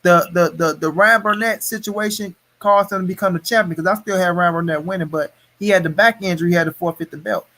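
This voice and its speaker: Guy hosting a boxing stream, high voice, cussing up a storm, heated. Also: quick pace, hardly any pauses, pushed and bright. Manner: profane, heated ranting. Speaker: host of a boxing talk stream. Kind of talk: casual live-stream boxing chat.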